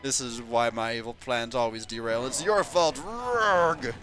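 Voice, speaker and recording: A man's voice: medium pitch, measured pace, faint music behind, natural voice. A man voicing an impatient, blustering male villain king from a game. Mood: indignant. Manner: loud, blustering, indignant.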